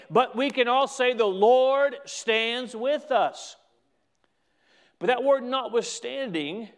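Male preacher, high voice, slow deliberate sermon delivery, leans hard on key words. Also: fairly bright tone.

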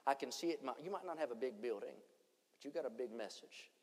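A man's voice: medium pitch, animated, brisk. Man preaching in an echoing hall. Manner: dynamic preaching, swings between shouting and hushed. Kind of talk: revival sermon. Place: church conference hall. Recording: long church hall reverb.

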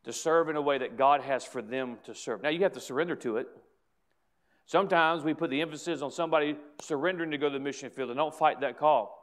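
A man's voice: a little high, fast talker, a bit bright. A middle-aged man, a pastor, preaching an emphatic sermon and repeating phrases for stress.

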